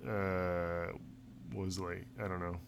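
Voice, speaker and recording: A man's voice: deep voice, level tone, slow, gravelly, a little hiss or hum. A man co-hosting a podcast, chatting casually about a TV episode and mostly answering with short, easygoing agreement. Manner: laid-back, short agreeing replies. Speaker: podcast co-host. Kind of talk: casual chat recapping a TV episode.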